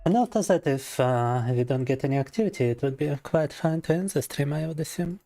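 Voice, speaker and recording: A man's voice: on the high side, lively intonation, brisk, warm tone. A man streaming live who is ill and worn out, chatting in a weary, sardonic way with crude jokes. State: ill and tired. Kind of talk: casual livestream chat. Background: music.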